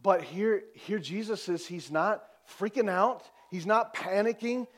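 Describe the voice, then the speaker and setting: A man preaching a sermon as pastor. He repeats lines for emphasis, calls out to the congregation and drops to a soft, quiet voice when quoting. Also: sits high, unhurried. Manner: preaching with call-and-response, repeating phrases for emphasis.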